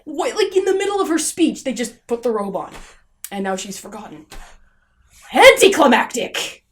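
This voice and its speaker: A young woman vlogging a sarcastic, exasperated film review. Her voice sits a little high and jumps around a lot, from loud disbelieving outbursts down to grumbling asides. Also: big pitch swings, a little fast.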